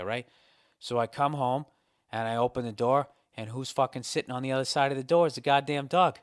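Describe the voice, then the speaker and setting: A podcast host rants through a funny story with constant swearing and exasperation. His voice sits at a middle pitch, and the sound is very dry and close, with no room echo. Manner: profane, exasperated, animated. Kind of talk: comedic storytelling monologue.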